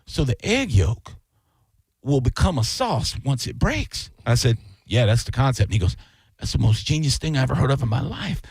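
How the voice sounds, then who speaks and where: A man's voice: medium pitch, moderate pace, husky, no echo. Dry-miked male radio co-host telling stories. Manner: animated storyteller acting out quotes. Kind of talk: casual radio chat, storytelling.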